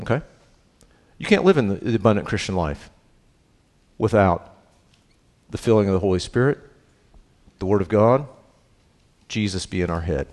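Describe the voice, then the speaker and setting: Teaching scripture to his congregation, this pastor keeps the tone informal and conversational, asking questions and sprinkling in quick "right?" check-ins. His delivery alternates between quiet, earnest passages and energetic bursts.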